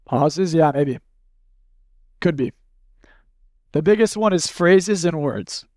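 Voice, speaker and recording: Blunt, slightly high-voiced man teaching a workshop. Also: animated, slow, darkish tone, dry recording, clean studio sound. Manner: blunt, conversational, demonstrates with acted snippets. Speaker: seminar speaker. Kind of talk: live workshop demonstration.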